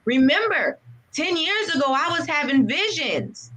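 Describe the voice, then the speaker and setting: Woman, interview guest, veteran, earnest testimony, faith-filled storytelling, higher pitch. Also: big pitch swings, a little slow, over a noisy crowd, rough recording. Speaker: guest, veteran and nonprofit founder.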